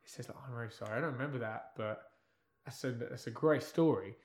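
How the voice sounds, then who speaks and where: A man telling a long anecdote in casual chat, acting out the people in it and dropping to a hush for the quiet parts. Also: mid-range voice, quick pace. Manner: animated storyteller, drops to hushed tones for quotes. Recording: roomy echo.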